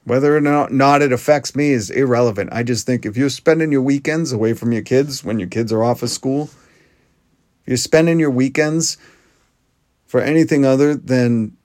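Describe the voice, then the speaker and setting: A man's voice: medium pitch, darkish tone, dry recording. Earnest man talking shop, dry close mic. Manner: earnest and conversational, with frequent restarts. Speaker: podcast host. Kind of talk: casual monologue.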